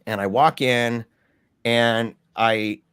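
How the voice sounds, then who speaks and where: A man in the guest seat tells his own story in loose, informal talk, dropping "bro" and "man" as he goes. His voice sits in a middle pitch and stays earnest and emphatic. The sound is close and dry, with no room around it. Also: fairly even intonation, takes it slowly, fairly bright tone, smooth, no echo. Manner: earnest, emphatic retelling of a personal ordeal. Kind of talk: casual first-person storytelling in an interview.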